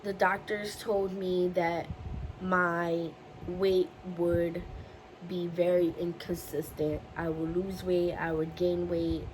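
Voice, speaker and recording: A woman's voice: fairly low pitch, flat delivery, slow pace, darkish tone, slight background noise, low-quality recording. Woman vlogger telling a personal story. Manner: emotional, repetitive retelling.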